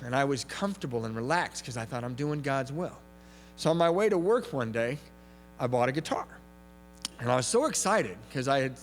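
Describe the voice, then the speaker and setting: A man giving a talk at a recovery meeting, telling a story with lively comic timing and shouting some punchlines. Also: fairly high pitch. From from Southern California. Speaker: AA speaker. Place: large hall with audience. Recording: reverberant hall recording with faint hum.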